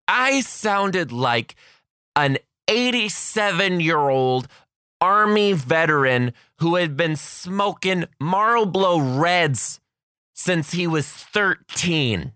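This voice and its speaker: A man's voice: fairly high pitch, expressive, takes it slowly, sharp tone, clear, resonant tone, dry recording, studio quality. Campy, chatty man in his thirties. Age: 30s. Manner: chatty, campy, self-mocking. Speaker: podcast host, kindergarten teacher. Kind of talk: casual storytelling.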